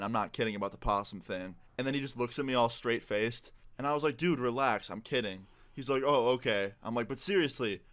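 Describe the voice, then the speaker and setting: A young man telling a casual, rambling personal story while gaming, with lots of "like". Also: medium pitch. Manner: rambling, relaxed, heavy use of "like". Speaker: gaming video narrator. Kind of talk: casual storytime over gameplay.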